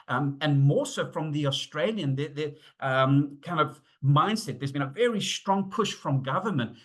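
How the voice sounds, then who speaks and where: A middle-aged man presenting a webinar on safety, telling stories in an animated way, acting out the dialogue and using frequent fillers. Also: fairly high pitch. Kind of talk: storytelling talk.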